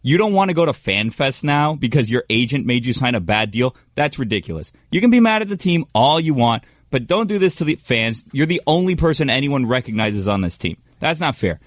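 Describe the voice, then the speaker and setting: A man's voice: mid-range voice, very animated, fairly quick, few pauses, no echo. A male sports radio co-host ranting in a heated, scornful way at a studio microphone.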